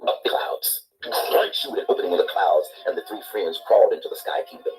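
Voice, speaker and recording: A man reading a children's picture book aloud in an expressive, animated storyteller's way. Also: deep voice, brisk, a crowd in the background, rough recording.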